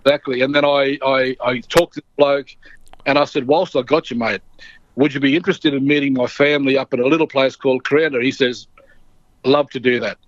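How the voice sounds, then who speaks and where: An Australian man in middle age tells a story, slipping into the voices of the people in it. His pitch sits in the middle, and the sound is dry and a little muffled, with the top end cut. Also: fairly quick, no room sound. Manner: lively storyteller acting out quoted voices. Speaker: guest storyteller. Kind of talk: animated anecdote-telling.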